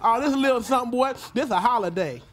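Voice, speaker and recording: A man playing a very high-voiced braggart hustler. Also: expressive, fast talker. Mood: boastful. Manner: brags loudly in slang, calling everyone boy. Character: flashy boastful young street hustler, big talker. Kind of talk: live sketch comedy acting. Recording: live stage, loud audience laughter and noise.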